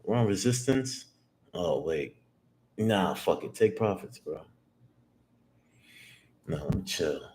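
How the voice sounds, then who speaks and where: A young man with a fairly low speaking voice talks to himself while day trading, cursing constantly in loose slang. He keeps repeating himself, then breaks into high-pitched excited shouts whenever a trade moves. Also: takes it slowly, long pauses. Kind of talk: live trading vlog, talking to himself.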